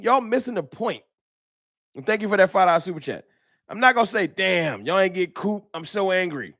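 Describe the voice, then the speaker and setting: Animated man ranting on a livestream. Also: high voice, no echo, clean studio sound. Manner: animated, emphatic, repetitive, slangy. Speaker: host. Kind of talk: casual fan talk livestream.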